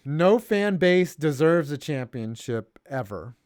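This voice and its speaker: A man's voice: fairly high pitch, slow, clear, resonant tone, no echo, clean studio sound. A man co-hosting a sports livestream, reading donations and joking in casual chat with frequent swearing. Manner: animated, jokey, swearing, puts on voices reading messages. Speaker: stream co-host reading donations.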